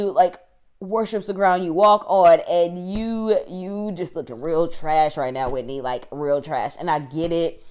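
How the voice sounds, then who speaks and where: Low, smooth-voiced woman recapping a show. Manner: chatty and animated, slangy, laughs often. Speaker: YouTube TV reviewer. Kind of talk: casual episode recap.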